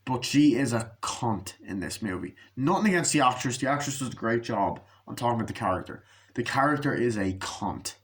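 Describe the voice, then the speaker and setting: A young man giving a casual, profane movie review, ranting and acting out scenes in quick put-on voices. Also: medium pitch, expressive.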